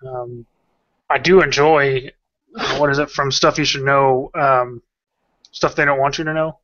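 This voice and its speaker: A man co-hosting a podcast in casual chat, halting with many restarts and chuckling a lot. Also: mid-range voice, fairly even intonation, bright, forceful tone, muffled recording. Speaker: podcast co-host. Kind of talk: casual group chat on a video call.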